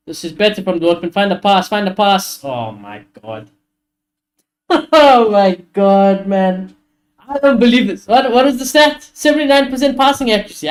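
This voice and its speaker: Excitable swearing football watchalong streamer. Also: male voice, high voice. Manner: excitable, frustrated, swears often, talks to chat. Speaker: streamer hosting a live match watchalong. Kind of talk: live football watchalong commentary.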